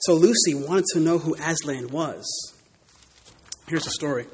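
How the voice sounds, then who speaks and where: A man preaching a sermon in church, dramatic, swinging from loud declarations to hushed words. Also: a little high, a little slow, long pauses, husky, long reverb tail. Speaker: pastor.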